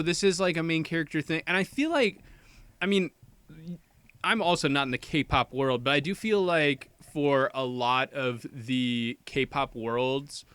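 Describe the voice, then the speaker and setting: A young adult man co-hosting a podcast, talking casually with an animated, jokey manner. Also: medium pitch, clear, resonant tone, no room sound. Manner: animated, jokey, laughs often. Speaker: podcast co-host. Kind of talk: casual chat.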